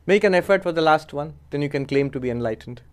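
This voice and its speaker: A man giving a spiritual discourse as a Vedanta teacher, measured and explanatory, often posing rhetorical questions. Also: fairly high pitch, animated.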